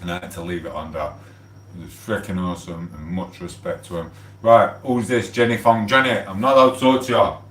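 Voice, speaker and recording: A man rambling through a casual livestream, swearing freely and giving loud shout-outs to people. His voice sits fairly low. It sounds echoey and distant, as if he is set back from the mic in a bare room. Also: fairly even intonation, brisk, a little hiss or hum. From England. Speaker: livestream host.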